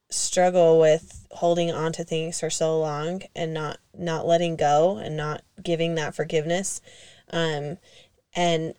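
Chatty young woman, smooth lowish voice. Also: mellow, dry recording. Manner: chatty storyteller with fillers and laughs. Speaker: co-host. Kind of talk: casual podcast conversation.

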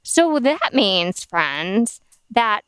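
A woman's voice: medium pitch, sing-song, extremely slow, fairly bright tone, clear, resonant tone, dry recording. A woman co-hosting a casual podcast and presenting drinks news, a little tipsy from wine and talking in a chatty, filler-filled way. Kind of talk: casual chat.

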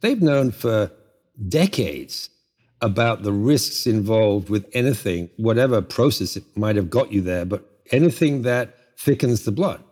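A man's voice: lowish voice, expressive, a little slow, a little mellow. Rambling, thoughtful middle-aged man. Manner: thoughtful, rambling, many asides. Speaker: guest, herbal medicine teacher. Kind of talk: conversational interview.

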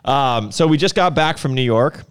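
A man's voice: mid-range voice, lively intonation, normal speed, clear, resonant tone. A man co-hosting a casual live show, telling long stories with lots of fillers. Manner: rambling storyteller with many fillers. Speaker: podcast co-host. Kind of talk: casual chat.

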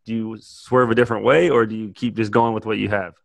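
A man's voice: on the low side, level tone, fast, vocal fry. A man hosting a casual podcast interview, asking long rambling questions and comparing things to basketball. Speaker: podcast host.

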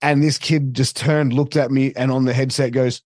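A medium-pitched, slightly mellow voice with a level tone comes from an Australian wrestling commentator guesting on a podcast. He swears freely and tells fast stories full of fillers in casual chat. The studio-quality audio has no echo.

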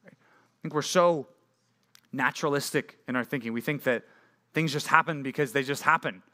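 Young male youth pastor, bright forceful tone, lively conversational sermon style. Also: mid-range voice, moderate pace. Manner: animated, conversational preaching with rhetorical questions. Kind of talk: sermon to junior high students.

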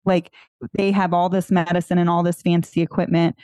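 A woman's voice: on the low side, little pitch movement, fairly quick, warm tone, no room sound. A woman podcast host sharing a personal experience in a reassuring, open way. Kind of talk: casual conversation.

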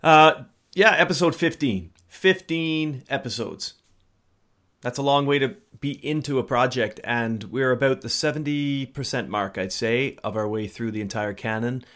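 A man's voice: medium pitch, fairly even intonation, normal speed, few pauses, fairly bright tone. A man co-hosting a casual literary podcast, talking in a wry, playful way with mock-formal asides. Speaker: podcast co-host. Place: home in Scotland.

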